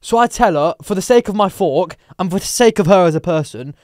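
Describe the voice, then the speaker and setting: Animated man telling stories. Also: sits high, a little fast, no echo, studio quality. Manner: animated, swearing, acts out quotes. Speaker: podcast host. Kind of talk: comic storytelling chat.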